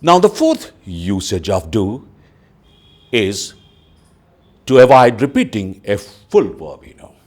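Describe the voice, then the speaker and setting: This is a man giving a grammar lesson to students. His delivery is unhurried and his voice swings widely in pitch as he stresses example sentences. He sits a little low in pitch and keeps dropping in "you know". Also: very animated. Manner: explaining slowly, says "you know" often, reads example sentences aloud. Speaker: English teacher.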